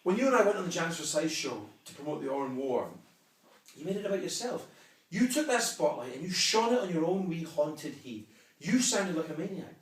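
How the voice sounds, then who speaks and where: Combative Scottish man with a lively voice. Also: fairly high pitch, fairly quick, recorded from a distance. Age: 40s. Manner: combative, mocking, boastful. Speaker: wrestling promoter. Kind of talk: wrestling promo rant. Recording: echoey room, off-mic.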